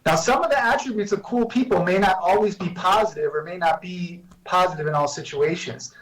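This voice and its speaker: A man talking as a guest professor on a video call, measured and explanatory with frequent restarts. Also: high voice, fairly bright tone, recorded from a distance, rough recording. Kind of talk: remote interview answers.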